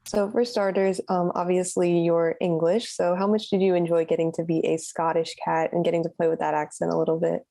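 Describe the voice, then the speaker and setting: Warm-voiced woman asking interview questions. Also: on the low side, level tone, fairly quick, gravelly, few pauses. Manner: friendly, complimentary, a few fillers. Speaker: entertainment interviewer.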